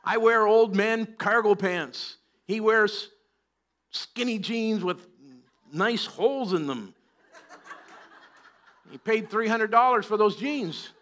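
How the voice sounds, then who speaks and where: A man preaching a sermon in church, joking and chatty at times and then rising to loud, emphatic preaching. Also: sits high, slow pace, pauses often. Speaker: pastor.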